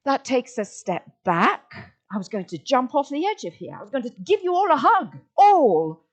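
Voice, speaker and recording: A woman's voice: high voice, sing-song, normal speed. Dramatic, playful woman lecturer. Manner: dramatic, playful, acts out inner voices, stretches words; asks the audience questions. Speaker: summer school lecturer. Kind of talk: expressive lecture on word meanings.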